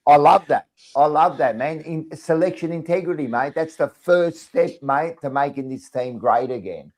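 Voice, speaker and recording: A man's voice: a little high, normal speed, darkish tone. Emphatic Australian man talking footy. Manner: emphatic, repeats phrases and tags lines with 'mate'. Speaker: podcast co-host. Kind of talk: casual sports chat.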